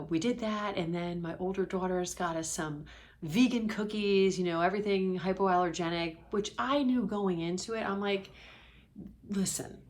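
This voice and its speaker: A middle-aged woman coaching other parents in a casual, confiding vlog, telling a story with lively energy and at times dropping to a whisper, recorded indoors at home. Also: lowish voice. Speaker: parenting coach for ADHD families.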